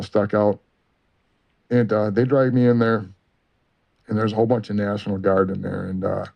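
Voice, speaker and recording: A man telling a long story as an interview guest, halting and full of "uh" and "you know". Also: sits low, creaky. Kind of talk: rambling first-person story. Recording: dull lo-fi recording.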